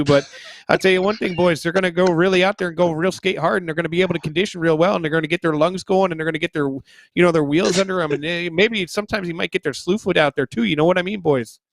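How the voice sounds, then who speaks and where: A man's voice: a little high, gravelly, no echo. A man putting on a folksy Canadian hockey coach. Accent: Canadian, put on. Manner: folksy, rambling, calls everyone boys.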